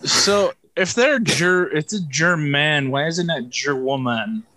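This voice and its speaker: A man's voice: on the high side, a little slow, pushed and bright. A young man co-hosting a casual podcast, hesitant and giggly. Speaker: podcast co-host. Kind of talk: casual chat.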